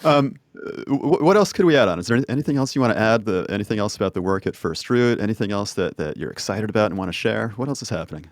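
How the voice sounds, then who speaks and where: A man hosting a podcast interview, friendly and quick to laugh. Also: on the low side, lively intonation, dry recording, studio quality. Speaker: podcast host. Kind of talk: conversational interview.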